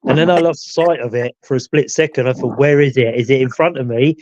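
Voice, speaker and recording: A man's voice: medium pitch, a little fast, a little mellow, no room sound, dull audio. Rambling man telling a ghost story. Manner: rambling storyteller, many "you know" asides. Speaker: ghost hunter, show regular. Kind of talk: casual live chat recounting an investigation.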